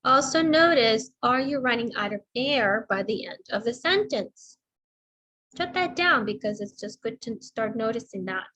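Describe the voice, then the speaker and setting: A middle-aged woman speech therapist giving a slow, deliberate instructional talk, demonstrating intonation as she explains. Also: a little high, lively intonation, sharp tone, rough recording.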